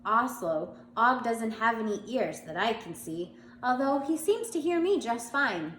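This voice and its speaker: A woman's voice: fairly high pitch, very animated, measured pace, a bit bright. Woman reading a children's book aloud, echoey room. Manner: reads with small slips and restarts, voices the characters. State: allergies, occasional cough. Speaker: reader. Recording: echoey room, faint background hum.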